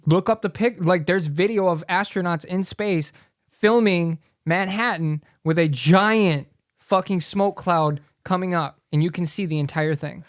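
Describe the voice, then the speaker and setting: A man's voice: high voice, unhurried, dry recording, studio quality. A man in his thirties, co-hosting a podcast in casual, rambling chat full of swearing. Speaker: podcast co-host.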